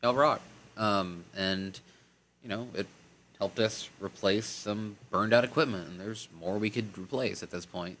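A man's voice: on the low side, fairly even intonation, measured pace, fairly bright tone, slight background noise. A man co-hosting a casual podcast, crude and joking in his banter. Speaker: podcast co-host.

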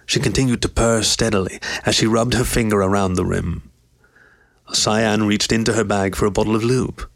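A man reading a story aloud in an even, steady narration. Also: on the low side, normal speed. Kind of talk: scripted narration.

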